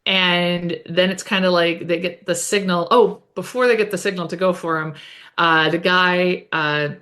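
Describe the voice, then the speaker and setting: A woman's voice: on the low side, steady tone, normal speed, a bit bright. A woman co-hosting a podcast, recapping an episode in casual chat with lots of "like" and "um". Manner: chatty, many "like" and "um" fillers.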